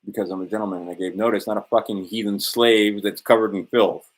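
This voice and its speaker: A man's voice: on the low side, steady tone, fast talker. A man in a rambling, self-assured monologue, swearing often and drifting between points. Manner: profane, digressive, self-assured.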